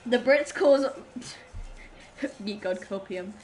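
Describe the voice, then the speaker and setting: Over soft background music on a rough recording, a woman streams a game and rambles in casual chat with viewers. She talks slowly at medium pitch, giggling and making fun of herself.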